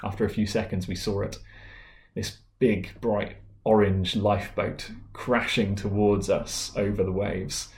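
A man delivering a sermon in a fairly low voice, earnest and plain-spoken, possibly. He stops and restarts now and then, with small fillers between his points. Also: little pitch movement, a little slow, a little mellow. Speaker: preacher.

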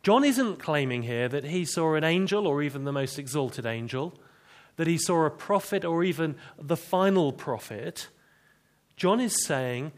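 Male preacher, emphatic sermon delivery, slightly higher voice. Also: expressive. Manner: earnest, emphatic, reads scripture slowly.

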